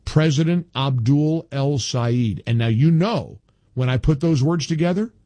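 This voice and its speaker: A man's voice: medium pitch, measured pace, warm tone, no echo. A man hosting a talk radio show, combative and insistent, hammering points home by repeating phrases.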